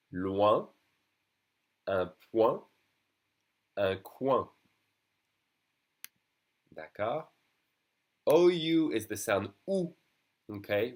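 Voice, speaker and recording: A man with a low, deep voice teaches a beginners' French class. His first language is French. He sounds out each word slowly, repeats it for the learners, and drifts into relaxed asides between examples. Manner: explains patiently, repeats words slowly for the class. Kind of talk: classroom lesson with board.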